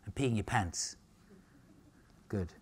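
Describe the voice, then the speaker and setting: A man's voice: fairly low pitch, takes it slowly, breathy edge. A middle-aged man, giving a cheeky, joking lecture on nutrition to a live audience. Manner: cheeky, jokey, animated storytelling.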